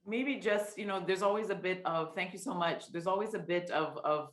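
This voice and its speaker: A woman with a notably low voice moderates a panel discussion over a video call. She talks haltingly, with plenty of restarts and fillers. Her voice carries a roomy echo. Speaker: party leader hosting a virtual roundtable.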